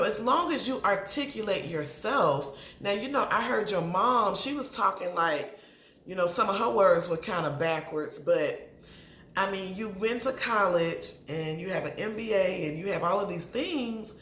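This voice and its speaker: Chatty woman reviewing reality TV. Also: mid-range voice. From Atlanta. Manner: chatty, animated, addresses people on the show directly. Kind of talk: casual commentary to camera. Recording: roomy echo, faint background noise.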